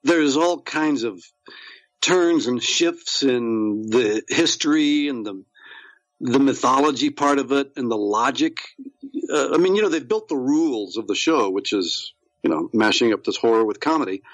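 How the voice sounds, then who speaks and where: A man's voice: mid-range voice, expressive, normal speed, dry recording, low-quality recording. Rambling male actor, dry close sound. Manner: rambling, many restarts and fillers. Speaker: actor, guest. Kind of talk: casual interview chat.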